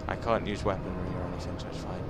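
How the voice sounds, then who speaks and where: A man giving casual, chatty gameplay commentary with excitable outbursts and self-mocking asides. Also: low voice, very fast. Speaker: let's play commentator. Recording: game audio noise under the voice.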